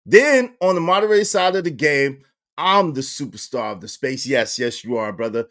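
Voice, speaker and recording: A man hosting a livestream, chatting casually and shouting out viewers by name in lively slang. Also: mid-range voice, normal speed. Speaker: livestream host.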